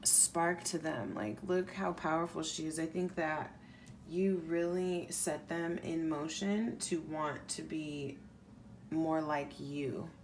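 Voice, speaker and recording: A woman's voice: low voice, slow pace, slight background noise. A woman giving a casual pick-a-pile tarot reading, rambling loosely and leaning on "like" as she talks through the cards. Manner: casual, rambling, heavy use of "like". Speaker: tarot reader.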